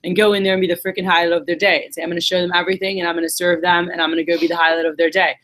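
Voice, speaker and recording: A woman's voice: on the low side, level tone, very fast, fairly bright tone. A woman giving a casual, swearing motivational talk to her sales team, acting out the voices in her stories. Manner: casual storytelling, acts out quotes, swears.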